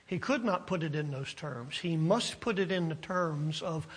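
A man preaching a sermon, slow and deliberate, building emphasis and then dropping low, with halting restarts. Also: animated, breathy edge. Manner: halting restarts with frequent uh's.

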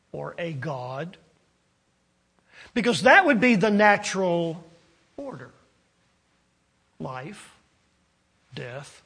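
A man delivers a sermon at an unhurried, measured pace. His voice sits fairly high, climbing on the points he stresses and sinking quiet at the end of phrases. He often stalls with uh's and restarts as he works through the thought. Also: breathy edge. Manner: slow, deliberate preaching with rising emphasis and trailing drops; halting restarts with frequent uh's. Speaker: preacher.

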